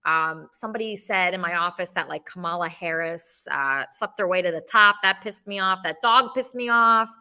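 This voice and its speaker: A woman's voice: on the low side, moderate pace, hardly any pauses, pushed and bright, clear, resonant tone. A woman hosting a call-in show, talking bluntly and rambling in casual chat. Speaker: podcast host.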